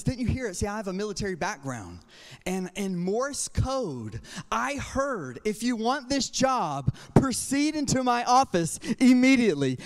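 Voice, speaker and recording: A man's voice: very high voice, clear, resonant tone. Passionate young man preaching a sermon. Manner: passionate, storytelling with asides. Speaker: youth pastor. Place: church sanctuary. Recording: long hall reverb, church sanctuary.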